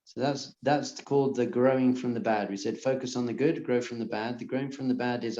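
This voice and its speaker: An earnest man teaches a live class in a mellow, warm voice. His words carry the echo of the room, and the recording sounds a bit dull and lo-fi. He often repeats a phrase gently and softly. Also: mid-range voice, a little fast, hardly any pauses. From lives in Israel. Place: lecture room with audience.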